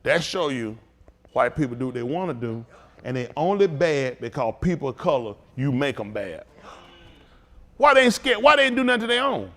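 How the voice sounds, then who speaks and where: A man preaching as a pastor in a fiery talk, swinging from low mutters to loud outbursts. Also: very animated, moderate pace.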